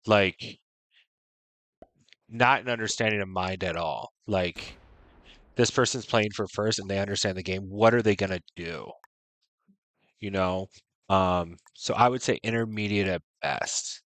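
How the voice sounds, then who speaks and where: A man's voice: low-pitched, a little slow, long pauses, fairly bright tone, dry recording. A man streaming a strategy game, giving frank, chatty commentary full of "right?" and "you know". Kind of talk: casual gameplay commentary.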